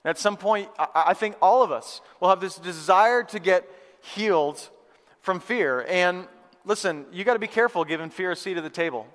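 A male pastor giving a lively, conversational sermon to a live church congregation, repeating phrases for emphasis. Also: high voice, normal speed. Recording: long hall reverb.

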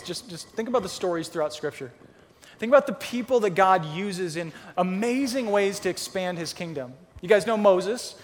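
A man with a notably high voice preaches a sermon in a relaxed, storytelling way and acts out the characters as he goes. His voice rings out with a long reverb, as if in a big hall. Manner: conversational storytelling, acting out Bible characters. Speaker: pastor.

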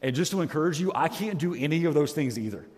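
A man's voice: on the high side, expressive, fast talker, darkish tone. Earnest man preaching in a reverberant church. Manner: earnest and self-deprecating, with many restarts. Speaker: pastor. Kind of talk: sermon. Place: church sanctuary. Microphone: headset microphone.

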